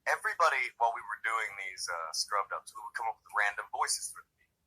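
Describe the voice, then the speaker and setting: A man's voice: on the low side, lively intonation, fast, pushed and bright, slightly rough, low-quality recording. A man in casual stream chat telling a story in an irritated, profane way.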